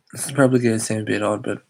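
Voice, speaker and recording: A man's voice: lowish voice, steady tone, quick pace, gravelly, darkish tone. A young Australian man chatting casually on a live stream, rambling and hesitant with many fillers.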